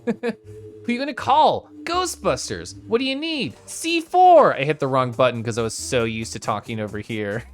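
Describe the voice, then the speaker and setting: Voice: medium pitch, fairly bright tone. A streamer giving playful, jokey commentary during a live game stream. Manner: playful, giggly, jokey asides.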